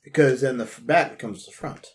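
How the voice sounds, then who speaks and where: A man's voice: medium pitch, a little fast. Joking man playing a tabletop game. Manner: joking, playful. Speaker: player. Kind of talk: casual chat.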